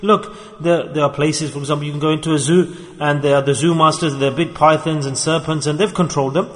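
A man with a fairly high voice gives a sermon in a mosque, telling everyday stories and acting out the voices of the people in them. His voice rings with a long reverb from the hall. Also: fairly even intonation, fast, few pauses, a bit bright. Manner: storytelling, acts out quoted voices. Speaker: religious teacher. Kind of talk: sermon with acted examples.

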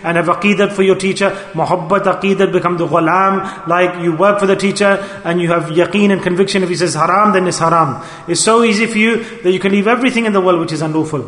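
High-voiced preacher in an echoey hall. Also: male voice, fairly even intonation, fairly bright tone. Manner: earnest, pleading, slow emphatic repetitions. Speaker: Sufi preacher. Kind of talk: sermon to a gathering.

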